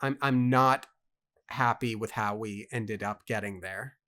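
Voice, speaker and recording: A man's voice: fairly low pitch, measured pace, pushed and bright. A man co-hosting a casual book club, reading aloud and reacting emphatically, stammering when he is worked up.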